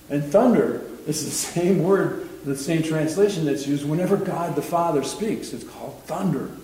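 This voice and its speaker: A man's voice: a little high, moderate pace, dark tone. Chatty man teaching in an echoey hall. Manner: chatty, rambling, chuckles often. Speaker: Bible teacher. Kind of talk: informal Bible class teaching. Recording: very echoey room, faint noise.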